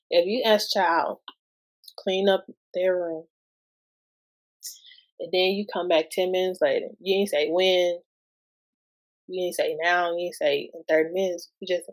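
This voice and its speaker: Speaking in a fairly low, darkish voice, a woman fills in as podcast host for a relaxed talk on parenting. She goes slowly and conversationally, asking lots of rhetorical questions.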